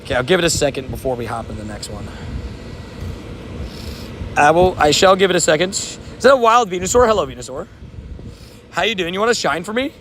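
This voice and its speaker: A man's voice: a little high, animated, a little fast, pauses often, a bit bright, low-quality recording. A young adult man live-streaming a mobile game outdoors, chatting upbeat and reading viewer comments aloud. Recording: outdoor wind noise on mic.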